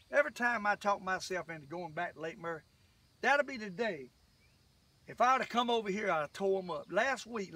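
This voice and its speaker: Here the same kind of fishing vlogger, an older man with a Southern accent, sounds high-pitched and sharp as he chats casually and rambles to viewers from his boat on a lake. The mic is distant, and faint outdoor sounds come through.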